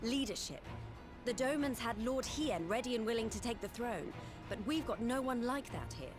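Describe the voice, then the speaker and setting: A woman's voice: fairly high pitch, animated, moderate pace, over music, lightly acted. A woman voicing a frank, upbeat young rebel leader in video game dialogue, hearty and plainspoken.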